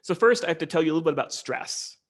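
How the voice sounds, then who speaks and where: A man's voice: fairly high pitch, animated, racing, fairly bright tone. Man lecturing with many ums. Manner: explanatory, many ums and restarts. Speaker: linguistics lecturer. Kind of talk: online academic lecture.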